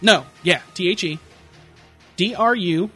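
A man's voice: high-pitched, a little slow, sharp tone, husky, soft background music. A man co-hosting a podcast, swearing and mocking in loose, joking banter. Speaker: podcast co-host. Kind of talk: crude comedic podcast banter.

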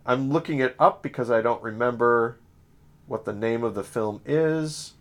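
A man's voice: medium pitch, moderate pace. A man from Southern Illinois co-hosting a podcast in casual chat, rambling with lots of fillers and restarts. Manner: rambling, many fillers and self-corrections. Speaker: podcast co-host.

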